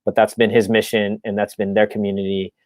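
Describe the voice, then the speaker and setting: A man hosting his own live stream, chatting casually and excitedly, rambling with lots of fillers and restarts. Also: on the low side, fairly quick, no echo.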